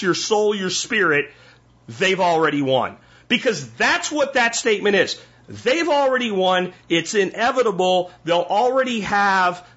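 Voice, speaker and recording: A man's voice: sits high, bright, forceful tone, slightly rough. A man hosting a podcast, delivering a blunt, profane, emphatic rant. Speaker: podcast host. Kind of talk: ranting monologue. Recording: dull lo-fi sound.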